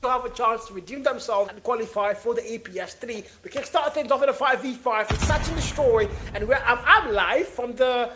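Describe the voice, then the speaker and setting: A man casting a live esports match from Nairobi, chatty and excitable, often laughing. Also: very high voice, fairly quick, hardly any pauses, over music. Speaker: esports caster. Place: Nairobi, Kenya.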